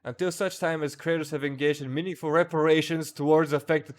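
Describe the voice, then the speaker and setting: A man's voice: a little high, moderate pace, few pauses. A man giving an angry commentary rant as an online reviewer, heated and profane with bitter laughs.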